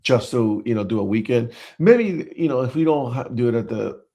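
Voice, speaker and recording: A man's voice: medium pitch, lively intonation, normal speed, dark tone. A man co-hosting a casual chat podcast, talking in a loose, rambling way with many fillers and restarts. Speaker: podcast co-host.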